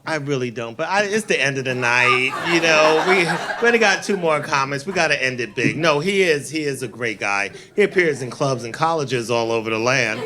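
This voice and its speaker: A man's voice: mid-range voice, animated, a little fast, few pauses, background noise. A man hosting a comedy night, teasingly introducing the next comic. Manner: hyping, teasing. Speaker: comedy show host. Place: comedy club.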